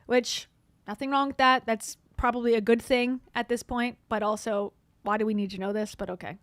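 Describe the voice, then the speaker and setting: A woman's voice: mid-range voice, moderate pace, fairly bright tone, no echo. A woman hosting a casual commentary, talking wryly and sarcastically about video clips. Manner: sarcastic, wry asides. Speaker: commentary host.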